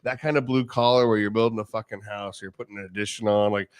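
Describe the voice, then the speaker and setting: A man's voice: lowish voice, fairly even intonation, quick pace, smooth. A man hosting a podcast, swearing a lot and laughing through his stories in casual chat. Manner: profane, loud storytelling with frequent laughter. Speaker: podcast host.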